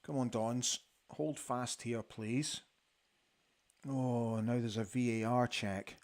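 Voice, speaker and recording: A Scottish man hosting a live football watch-along from a studio, reacting excitedly to the play and chatting about viewers' comments. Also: medium pitch, takes it slowly.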